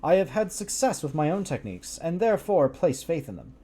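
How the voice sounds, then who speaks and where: A man voicing a confident Victorian physician in a gothic storybook reading, speaking calmly and reassuringly. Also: fairly high pitch, brisk.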